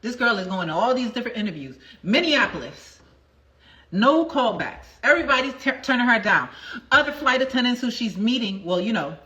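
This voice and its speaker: A woman's voice: fairly high pitch, big pitch swings, a little fast, bright, forceful tone, highs cut off. A woman in her forties, a manifestation coach, telling a story in a chatty, emphatic livestream talk and repeating phrases for effect. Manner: chatty storytelling with asides to viewers.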